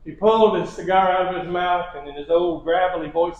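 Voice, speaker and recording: High-voiced man preaching in an echoey church. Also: fairly even intonation, fairly quick, few pauses, a little mellow. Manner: storytelling with repeated phrases and chuckles. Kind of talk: sermon lesson.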